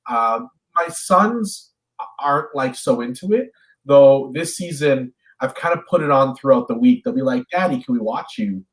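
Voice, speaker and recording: A man in his thirties from Canada, chatting as a guest in a casual interview, telling lively stories and restarting his sentences often. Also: medium pitch, measured pace, rough recording. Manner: animated storyteller, acts out voices in anecdotes; stammering restarts when thinking aloud. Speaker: actor and guest.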